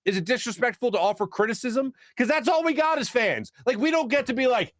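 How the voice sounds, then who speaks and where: A man's voice: very high-pitched, lively intonation, a little fast, hardly any pauses, a bit bright, dry recording. A man hosting a casual sports talk show from a studio, joking, laughing often and reading out viewer comments with fired-up opinions.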